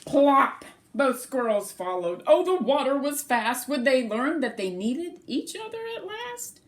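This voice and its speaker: Sing-song woman reading a picture book. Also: sits high. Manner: sing-song, animated, pauses to ask children questions. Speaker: storyteller reading to children.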